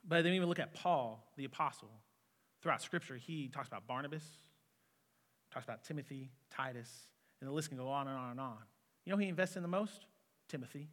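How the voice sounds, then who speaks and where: A man's voice: medium pitch, a little fast, a bit bright. A man in his twenties preaching an earnest, conversational sermon as a student pastor in a church hall. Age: 20s. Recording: long reverb of a hall.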